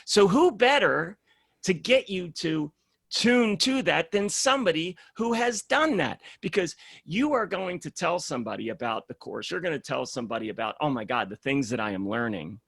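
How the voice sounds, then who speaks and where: A man, a program founder, speaking in a casual podcast conversation as an animated storyteller who acts out the voices he quotes. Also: on the high side, moderate pace, vocal fry, husky, no room sound, clean studio sound.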